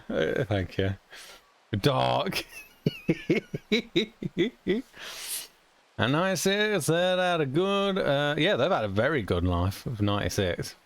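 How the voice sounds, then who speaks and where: This young Brit chats while he streams a game, wandering from topic to topic with frequent chuckles and light swearing. He speaks at a medium pitch in a sing-song, slow way, pausing often.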